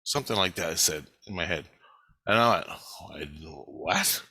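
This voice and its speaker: A middle-aged man with a lowish, bright voice tells a rambling story, swearing often and getting excited. He is recorded close up on a dry mic. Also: fast talker, dry recording. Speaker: vlogger. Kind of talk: casual storytelling.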